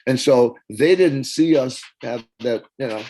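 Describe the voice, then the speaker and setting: An older man in a casual interview, telling stories with lively acted-out quotes and hummed parts. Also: medium pitch, unhurried, rough recording. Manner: animated storyteller, acts out quotes and hums parts. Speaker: interview guest, former band singer.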